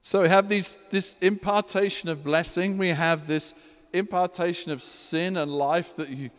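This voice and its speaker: A man delivers a sermon from the front of a church, animated and storytelling as he walks through scripture. His voice sits a little high for a man, and the hall around him rings with a long, lingering reverb. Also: normal speed. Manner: animated preacher, acts out scripture scenes in a high panicky voice. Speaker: pastor.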